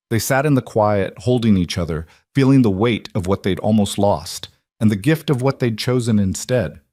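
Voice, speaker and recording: A man narrating a scripted romantic story in a calm, even way. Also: on the low side, normal speed, dry recording, clean studio sound.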